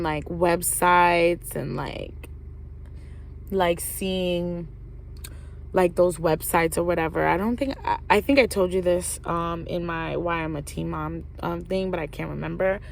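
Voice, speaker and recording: A woman's voice: on the low side, slow pace, gravelly, long pauses. A young woman telling a personal story in a casual vlog, slangy and profane, with "like" in nearly every sentence. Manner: slangy, profane, fills talk with "like". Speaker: vlogger.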